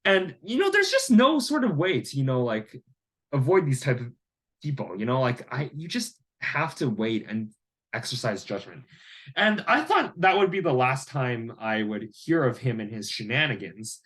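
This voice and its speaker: Male vlogger, average pitch, casual rambling monologue. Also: very animated, normal speed, a bit bright. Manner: rambling, heavy use of "like" and "you know". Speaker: vlogger and landlord.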